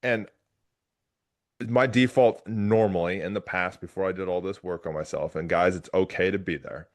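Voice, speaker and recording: A middle-aged man with a very low voice hosts a relaxed conversational interview. He tells a personal story with animated energy, often breaking off and restarting his sentences. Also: moderate pace. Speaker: podcast host.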